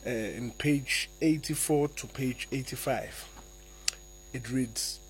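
A man, a guest author answering interview questions and reading slowly and deliberately from his own memoir. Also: mid-range voice, slight background noise, rough recording. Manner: soft-spoken, slow and deliberate when reading.

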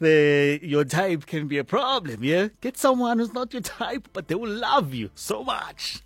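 A man hosting a lively morning radio show, mixing English with Zulu slang. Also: high voice, measured pace, few pauses, slightly rough, no echo.

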